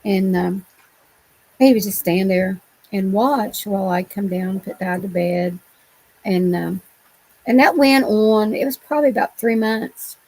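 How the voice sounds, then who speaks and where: A middle-aged woman with a gravelly, creaky edge tells her story as an interview guest. Her pitch sits in an ordinary middle range. She talks in a rambling, colloquial way and often doubles back to restart. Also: darkish tone, low-quality recording. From Ohio. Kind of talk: telling personal encounter stories.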